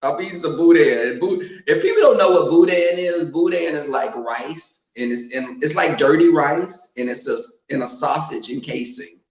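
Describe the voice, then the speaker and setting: This live-stream host is a man whose fairly high voice has lively intonation, moving at normal speed with few pauses. He talks directly to viewers in a blunt, sassy, casual way, captured in a dull, echoing room.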